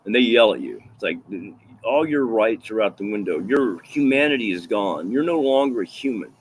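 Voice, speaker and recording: A man's voice: on the low side, animated, normal speed, a little hiss or hum. A man casually telling a personal story on camera, rambling and profane, repeating himself for emphasis. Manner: rambling, profane, with restarts and fillers. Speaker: vlogger recounting a personal story.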